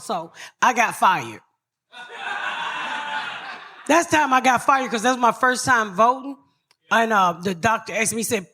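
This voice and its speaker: A woman's voice: fairly high pitch, big pitch swings, moderate pace, husky. A middle-aged woman comedian, hosting a live podcast and telling brash, profane stories. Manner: brash, profane, loud storytelling. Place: live show before an audience.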